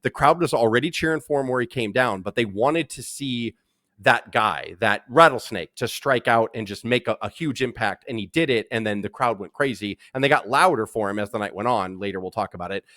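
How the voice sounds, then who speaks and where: A man hosting a podcast in casual chat, talking in an excited, rambling way with many restarts. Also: medium pitch, brisk, dry recording, studio quality. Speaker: podcast host. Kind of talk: casual chat recapping wrestling.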